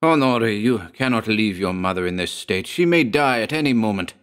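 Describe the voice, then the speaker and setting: A man's voice: on the low side, expressive, moderate pace, clean tone, natural voice. A man voicing an angry, domineering village doctor who hectors and commands in a storybook reading.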